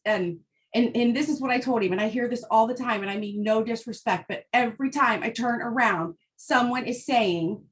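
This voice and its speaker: A middle-aged woman with a slightly high voice, speaking at a normal pace, delivers a fired-up, emphatic motivational talk to the women in her business. As their team leader, she's blunt and happy to swear.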